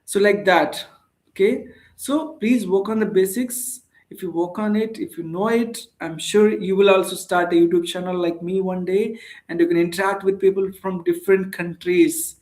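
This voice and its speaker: A man with an Indian accent gives a casual spoken English lesson in a fairly high voice. He talks earnestly, thinking aloud with fillers and restarts. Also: steady tone, moderate pace, a little mellow. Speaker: English teacher.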